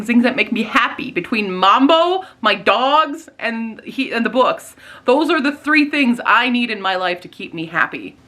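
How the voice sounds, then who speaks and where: A woman's voice: medium pitch, pushed and bright. A woman vlogging casually about her book buying, self-deprecating and laughing as she rambles. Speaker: booktuber. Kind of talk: casual vlog.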